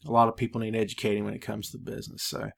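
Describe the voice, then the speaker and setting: A man's voice: lowish voice, completely flat delivery, racing, creaky. A man hosting a solo podcast in a casual, laid-back way, often tossing in "man" and drifting into friendly preaching. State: out of breath. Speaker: podcast host.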